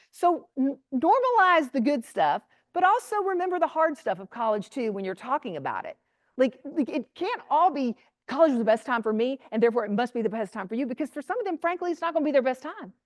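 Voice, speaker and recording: A middle-aged woman giving a lively, blunt talk to a room of parents, chatty and animated, acting out quoted voices. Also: sits high, no echo, studio quality. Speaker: speaker addressing parents. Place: room with an audience.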